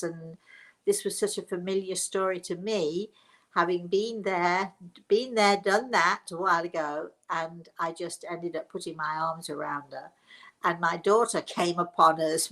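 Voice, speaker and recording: An older woman from England tells a long personal story to her online audience, wandering and circling back as she goes. Her voice is fairly low with a gravelly edge. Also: low-quality recording. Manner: rambling, warm anecdotal storytelling with restarts. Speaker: host and spiritual medium. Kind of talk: casual storytelling to a live stream audience.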